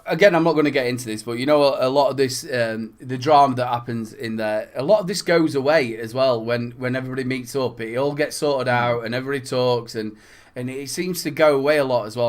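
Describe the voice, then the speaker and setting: A man's voice: mid-range voice, a little fast. A man with a Yorkshire accent co-hosting a casual chat, telling stories with lots of swearing and laughter. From Yorkshire, England. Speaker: podcast co-host.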